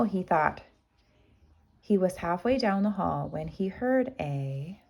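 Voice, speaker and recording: A woman, a kindergarten teacher, reading a storybook aloud to children with expressive storytelling. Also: fairly low pitch, slow pace, gravelly.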